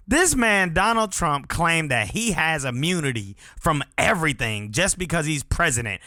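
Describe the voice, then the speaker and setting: A man hosting a podcast, holding forth in a blunt, profane and opinionated rant. His voice is bright and forceful, and his pitch swings widely. The sound is dry and close. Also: expressive, normal speed, hardly any pauses, dry recording. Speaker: podcast host. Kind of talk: casual solo podcast rant.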